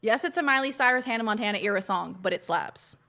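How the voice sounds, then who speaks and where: A young woman streams a game and talks with her chat in a loose, casual way. Her voice sits a little high for a woman, and it turns bubbly and gushing when she greets viewers. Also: lively intonation, quick pace, sharp tone.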